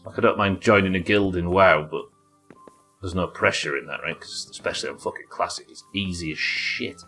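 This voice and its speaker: A man streams a game live in a steady, bright and forceful voice that runs a little fast, with soft music in the background. The commentary is casual, jokey and full of swearing, punctuated by high yelps in tense fights.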